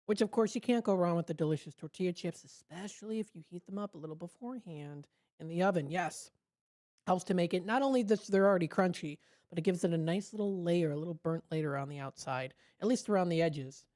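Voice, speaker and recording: A woman's voice: fairly low pitch, warm tone. A woman hosting a casual food segment on local radio, chatty and upbeat, laughing at her own jokes, speaking into a studio microphone.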